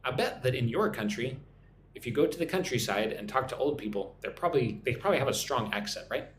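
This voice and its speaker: A man's voice: mid-range voice, animated, quick pace, roomy sound, a little hiss or hum. A man from Texas with a mild Texan accent, teaching English on a live stream and reading viewer comments aloud in a chatty way. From Texas, USA.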